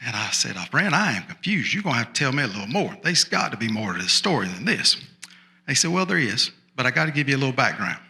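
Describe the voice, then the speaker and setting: A man's voice: medium pitch, big pitch swings, fast talker, gravelly, pushed and bright. A man telling a folksy tall tale as a small-town sheriff, drawling and chatty, with repeated asides to the audience. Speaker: storyteller. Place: storytelling festival stage.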